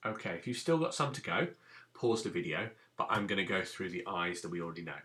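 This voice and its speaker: A man's voice: low-pitched, lively intonation, fast, a bit bright. A man teaching a recorded phonics lesson to young children, patiently sounding out letters and giving simple instructions. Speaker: primary school teacher.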